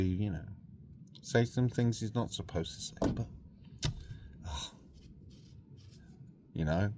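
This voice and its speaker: A man with a low, deep voice rambles through a casual stream chat. He talks in an outspoken way, with loose slang and plenty of fillers, over a faint background hum. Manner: rambling, with frequent filler words and laughter.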